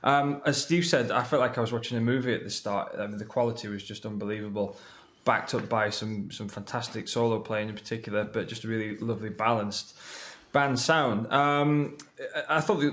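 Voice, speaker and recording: A man's voice: mid-range voice, brisk, a bit bright. Enthusiastic Yorkshire man in an echoey room. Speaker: commentator. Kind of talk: commentary on performances.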